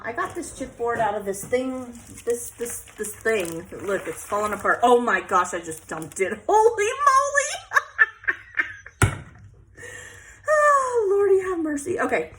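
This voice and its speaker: A woman's voice: medium pitch, normal speed, bright, forceful tone, slight background noise. A middle-aged woman chatting casually while she scrapbooks, venting and laughing often. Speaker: scrapbooking vlogger. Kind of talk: casual chat while crafting.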